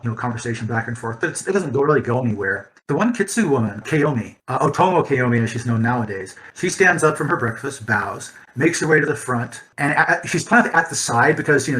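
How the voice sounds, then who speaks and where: A man running a tabletop role-playing session, his voice bright and a bit forceful. He narrates scenes loosely, circling back with fillers and restarts as he goes. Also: mid-range voice, poor audio. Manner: rambling, many fillers and restarts while narrating. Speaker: game master.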